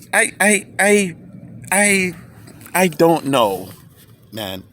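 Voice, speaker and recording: A man talking casually and emotionally to the camera, rambling, repeating words and often ending with "man," swinging between loud excited bursts and quiet low asides. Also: slight background noise. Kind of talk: casual personal monologue.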